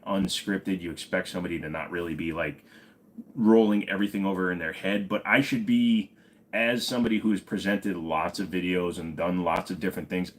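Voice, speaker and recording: A man hosting an unscripted live stream, chatting and joking casually, greeting viewers by name and rambling on. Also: low-pitched. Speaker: livestream host of a gun channel.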